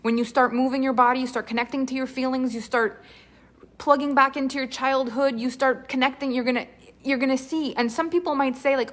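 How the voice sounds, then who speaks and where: An enthusiastic woman coach talks her class through voice exercises in a loose, chatty ramble. Her voice sits a little high for a woman. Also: fairly even intonation, a little fast. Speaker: voice acting coach. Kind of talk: live online class.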